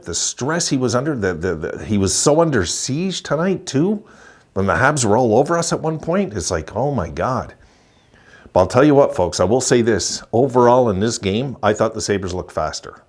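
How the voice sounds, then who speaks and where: Gleeful man in his sixties ranting. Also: on the low side. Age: 60s. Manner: gleeful, chuckling, emphatic repetition. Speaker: hockey fan vlogger. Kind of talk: excited postgame rant.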